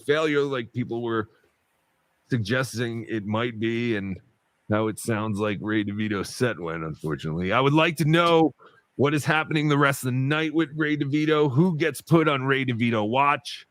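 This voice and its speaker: A man's voice: mid-range voice, steady tone, moderate pace, fairly bright tone, no echo. A man co-hosting a podcast, chatting casually and rambling with many asides. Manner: rambling, lots of fillers and asides. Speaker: podcast co-host. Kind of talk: casual chat.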